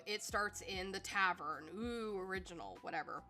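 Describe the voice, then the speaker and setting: A woman streamer casually telling a rambling, animated story about a tabletop game, full of fillers and acted-out quotes. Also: medium pitch, moderate pace, soft background music.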